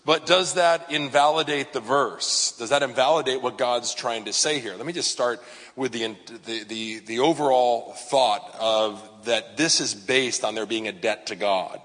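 A man's voice: mid-range voice, a little slow, a bit bright, in a large hall. A man, a pastor, preaching in a casual, conversational way with frequent fillers and asides. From Southern California. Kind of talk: sermon.

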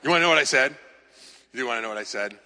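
A male pastor delivers a storytelling sermon, bright and forceful in tone. He shifts between lively anecdotes and gentle self-mockery. His voice carries a long reverb, as if heard in a large hall. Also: medium pitch, rapid-fire, vocal fry.

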